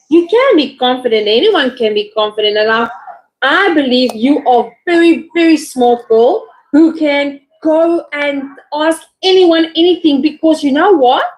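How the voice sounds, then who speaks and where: A woman English teacher coaching a student in a live online lesson, encouraging and acting out little dialogues. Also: rough recording. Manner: encouraging, acts out little dialogues with pitch swings.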